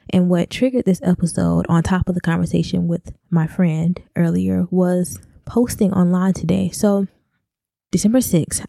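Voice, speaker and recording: A young adult woman, a podcast co-host, giving a raw, halting confessional monologue and swearing freely. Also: fairly low pitch, gravelly, dark tone, dry recording, studio quality.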